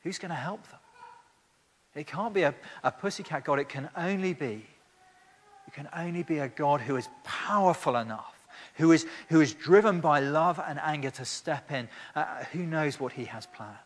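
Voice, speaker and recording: A man's voice: on the high side, moderate pace. A man preaching a sermon with emphatic rhetorical questions and frequent restarts. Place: church hall. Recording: long church reverb.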